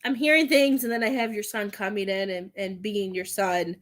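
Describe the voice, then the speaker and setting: A woman's voice: mid-range voice, fairly even intonation, moderate pace, fairly bright tone. A woman working as a psychic medium, chatting through a live tarot and mediumship reading in a giggly, rambling way with many fillers.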